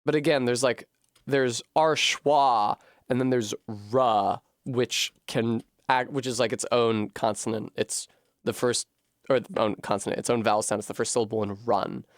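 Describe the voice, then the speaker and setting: A man streaming a game from home, working through a puzzle out loud at a desk microphone with frequent swearing and frustration. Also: mid-range voice, fairly even intonation, moderate pace, no echo, studio quality. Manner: profane, puzzling aloud, frustrated. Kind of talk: live-streamed gameplay commentary.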